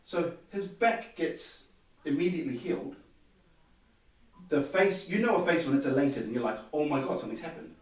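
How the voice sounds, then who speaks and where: A man, a podcast guest, telling a personal story in an animated way and acting out the dialogue. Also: on the high side, moderate pace. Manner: animated, acts out quoted dialogue. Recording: very echoey room, distant mic.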